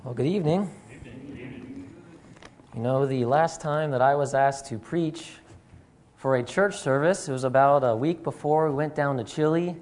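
A man's voice: on the high side, normal speed, pauses often, darkish tone. A young man preaching in a church as a guest speaker, chatty and self-deprecating, with plenty of fillers. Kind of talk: sermon. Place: church sanctuary.

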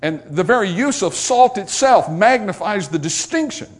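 A middle-aged man preaching a sermon to his congregation, folksy and joking, swinging between soft asides and loud emphatic points. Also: high voice, expressive, normal speed. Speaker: pastor.

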